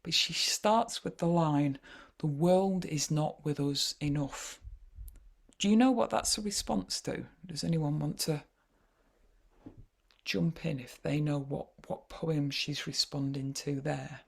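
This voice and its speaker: Gravelly Yorkshire woman leading a workshop. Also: low voice, unhurried. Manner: chatty, wry, frequent hesitations. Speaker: poetry workshop leader. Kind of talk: online teaching workshop.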